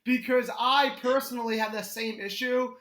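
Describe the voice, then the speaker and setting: A man's voice: extremely high pitch, steady tone, normal speed, very noisy. A young man with a New York accent, a guest comedian in a casual podcast chat, telling stories animatedly and laughing often. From Connecticut. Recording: roomy echo.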